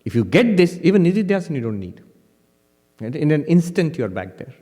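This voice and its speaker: A man who is a monk and teacher gives a spiritual lecture in an animated, gently humorous way, often correcting himself mid-word. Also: on the high side, fairly quick. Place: lecture hall. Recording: lecture hall with long reverb.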